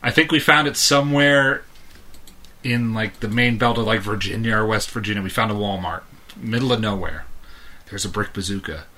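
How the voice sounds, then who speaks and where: A man's voice: lowish voice, moderate pace, sharp tone. A man in his thirties, a podcast co-host, telling a long rambling story in casual chat and chuckling often.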